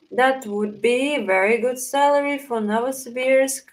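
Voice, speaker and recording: A woman's voice: high-pitched, measured pace, rough recording. A young woman with a Russian accent, hosting a casual livestream, answering chat questions while thinking aloud with fillers. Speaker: livestream host reading chat.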